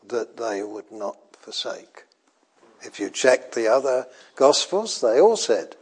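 An older man preaching a sermon in a slow, deliberate way, pausing often and repeating phrases for weight. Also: mid-range voice, sing-song, breathy edge.

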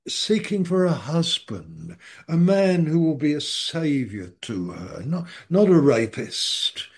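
A man preaching a sermon, halting and repeating his phrases for emphasis. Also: on the high side, big pitch swings, creaky, a little mellow, husky. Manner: halting and repetitive, with emphatic restatements.

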